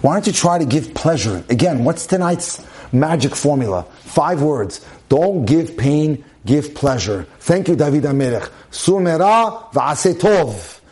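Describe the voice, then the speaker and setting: A man's voice: on the high side, animated, a little slow, darkish tone. A man giving a sermon-style talk on marriage, emphatic and full of rhetorical questions. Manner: emphatic, repeats phrases, asks rhetorical questions.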